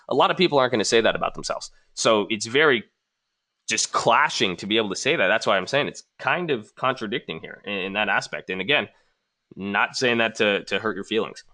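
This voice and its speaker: A man in a casual response video, picking apart comments from viewers one by one. His voice sits slightly low, with a bright, forward edge that keeps every rebuttal pointed. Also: expressive, a little fast. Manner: argumentative, reads viewer comments aloud and rebuts them. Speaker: trading channel host responding to comments.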